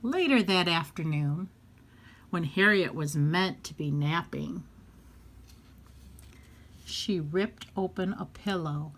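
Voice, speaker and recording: A woman reading a children's picture book aloud with a slow, deliberate delivery and expressive pauses. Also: sits low. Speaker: storybook reader.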